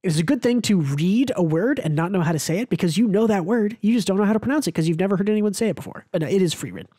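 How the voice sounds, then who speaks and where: High-voiced American man, dry close mic. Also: dry recording. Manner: animated, swears casually, fast asides. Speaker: podcast co-host. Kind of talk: casual chat.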